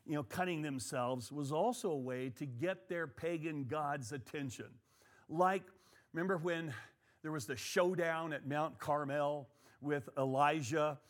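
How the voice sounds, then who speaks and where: A middle-aged man teaching a Bible study in a conversational, animated way, often repeating words and adding fillers. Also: on the high side.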